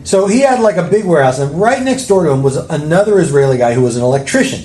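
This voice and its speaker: A man's voice: on the high side, expressive, fast talker, darkish tone, roomy sound, a little hiss or hum. A man telling a story in casual podcast chat, rambling and swearing freely. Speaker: podcast co-host.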